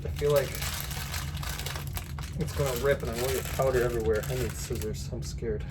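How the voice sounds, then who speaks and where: A man's voice: medium pitch, steady tone, fairly quick, distant mic, very noisy. A man vlogging in a home kitchen, telling a story and giving tips in a rambling, chatty way with lots of fillers while he cooks. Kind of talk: casual talk while cooking. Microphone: phone set at a distance.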